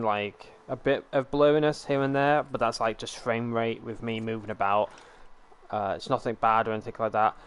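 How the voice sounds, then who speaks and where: A young man with a British accent talks loosely to his viewers on a live stream. His pitch sits in the middle, and his delivery is relaxed and meandering, full of fillers and restarts. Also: clean tone. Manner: relaxed, rambling, filler-heavy. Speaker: streamer host. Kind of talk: casual live-stream chat.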